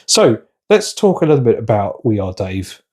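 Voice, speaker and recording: A man hosts a relaxed podcast conversation with a husky, slightly breathy voice. He chats in a self-deprecating way and often restarts sentences as he goes. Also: lowish voice, moderate pace. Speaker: podcast host.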